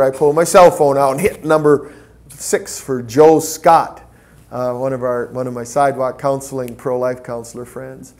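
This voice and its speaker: A man giving a training talk to volunteers, telling stories in a preacherly, animated way. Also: mid-range voice, moderate pace. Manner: preacherly, storytelling, lively acted quotes. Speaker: pro-life petition trainer.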